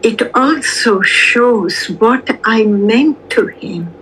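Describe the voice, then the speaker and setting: An older woman speaking as an interview guest, calm and measured, with long pauses between phrases. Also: a little high, a little hiss or hum, low-quality recording. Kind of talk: slow reflective conversation.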